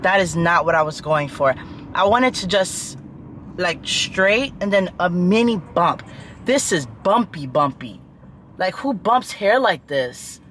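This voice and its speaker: Young woman, casual vlog, frustrated venting, unhurried, faint car noise behind. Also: on the low side, expressive, fairly bright tone. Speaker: vlogger. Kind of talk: casual vlog talk to camera.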